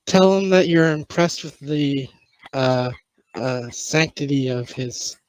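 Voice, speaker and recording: A man's voice: mid-range voice, slow pace, smooth, dry recording, poor audio. A man playing a tabletop game, chiming in with suggestions for another player.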